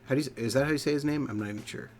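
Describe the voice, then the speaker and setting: A man streams a hockey management game, racing through relaxed, muttered commentary on the menus and reading results as he goes. His voice is medium-pitched, with soft music playing behind it.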